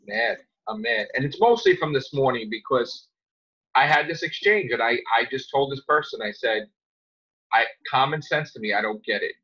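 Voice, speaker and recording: A man hosting a podcast, ranting angrily with lots of swearing and sudden loud outbursts. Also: mid-range voice, expressive, normal speed, husky. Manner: heated, profane, jumps to loud outbursts. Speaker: podcast host. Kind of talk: angry podcast rant. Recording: dull lo-fi sound.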